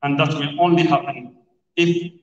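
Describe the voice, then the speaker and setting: Guy giving a measured formal speech at a conference, kinda high voice, far from the mic, big roomy hall echo. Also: steady tone, a little hiss or hum. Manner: measured, deliberate delivery listing organizations. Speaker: conference speaker for an international road federation. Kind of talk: formal prepared opening speech. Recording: echoey hall, distant and dull.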